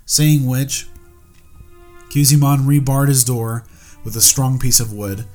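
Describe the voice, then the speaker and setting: A man reads an old ghost tale aloud for a podcast, his voice sitting in an ordinary middle register. He keeps a steady storytelling pace and drops in a few casual asides. Faint music plays behind him. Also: mid-range voice, slow pace. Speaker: podcast co-host.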